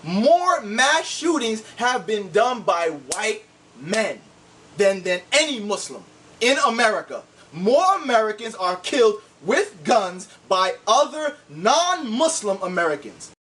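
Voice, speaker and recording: Combative high-voiced man ranting from afar. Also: big pitch swings, takes it slowly, pushed and bright, far from the mic. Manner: combative and insulting, repeats "see?". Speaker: online commentator. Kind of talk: heated video rant.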